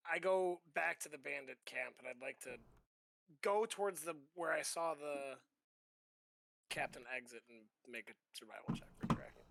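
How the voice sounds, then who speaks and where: High, bright man swearing constantly. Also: moderate pace, vocal fry, slight background noise, rough recording. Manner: swearing a lot, grumbling. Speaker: player. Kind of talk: casual tabletop play.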